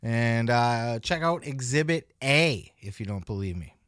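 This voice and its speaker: A man's voice: mid-range voice, animated, measured pace, background noise. A man hosting a podcast, giving casual, opinionated commentary full of swearing. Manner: profane, opinionated. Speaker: podcast host.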